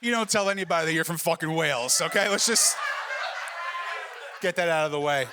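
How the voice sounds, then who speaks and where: A man's voice: fairly high pitch, a little fast, noisy background. A middle-aged man doing a stand-up comedy set, telling brash, profane stories and peppering them with "right?" asides. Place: comedy club stage with live audience.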